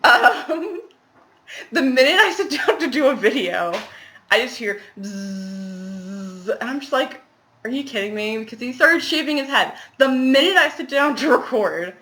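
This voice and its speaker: A woman's voice: high-pitched, very animated, normal speed, bright, forceful tone. A young woman chatting casually to camera about her cross-stitch, rambling with laughing asides, recorded at home in a small apartment.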